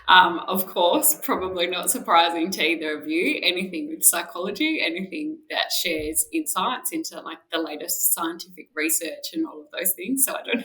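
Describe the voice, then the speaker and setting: Australian woman, interview guest, bright tone, lower pitch, chatty. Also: poor audio. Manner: enthusiastic, chatty. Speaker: guest, organisational psychologist. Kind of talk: interview answers.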